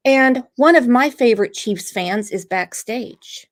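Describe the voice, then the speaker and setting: A woman's voice: fairly high pitch, expressive, measured pace. A woman with a Southern US accent hosting a casual livestream, teasing her guest and reading viewer comments aloud. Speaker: host.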